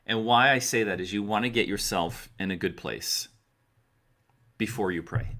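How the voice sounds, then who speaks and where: A man's voice: fairly low pitch, expressive, a little slow, bright, forceful tone. A middle-aged man giving earnest, direct advice to his listeners, coaching them and repeating key phrases for emphasis. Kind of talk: direct-to-camera advice talk.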